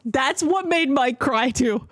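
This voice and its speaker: A woman's voice: high-pitched, expressive, slow pace, no room sound, clean studio sound. A young woman co-hosting a podcast, chatting casually, laughing often and swearing. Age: young adult. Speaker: podcast co-host. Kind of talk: casual chat.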